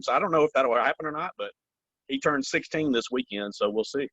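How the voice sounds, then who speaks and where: A man's voice: medium pitch, animated, a little fast, fairly bright tone, slightly rough, dry recording, highs cut off. A man in his forties, a company vice president, giving earnest interview answers, repeating phrases and often saying "man" and "you know".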